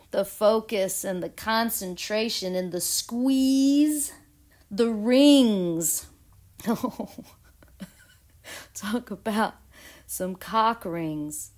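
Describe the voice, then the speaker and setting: Brief: bubbly woman hosting a tarot vlog, unhurried delivery, laughs often. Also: mid-range voice. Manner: giggly, bubbly, dramatic. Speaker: astrology and tarot vlogger. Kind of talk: casual tarot reading chat.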